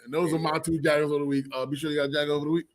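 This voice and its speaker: A man hosting a casual sports talk show, animated and exasperated, laughing often. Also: on the high side, very fast, crowd noise. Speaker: podcast host.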